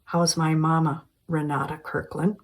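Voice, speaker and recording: A woman's voice: low voice, little pitch movement, measured pace. A woman voicing a grown doctor daughter speaking tenderly to her mother in a screenplay reading.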